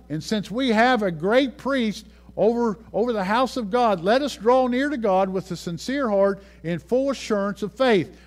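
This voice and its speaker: A male pastor preaching a sermon, reading scripture aloud and repeating key phrases for emphasis. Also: sits high.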